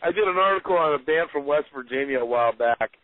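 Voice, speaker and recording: A man's voice: a little high, animated, fast talker, no echo. A man in casual chat, reading aloud from his book and telling wry, rambling stories. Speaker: author guest. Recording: tinny phone-like, dry sound.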